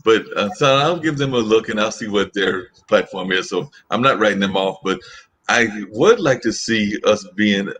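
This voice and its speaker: A man speaking thoughtfully in a casual political chat, often pausing on fillers. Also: on the low side, a bit bright.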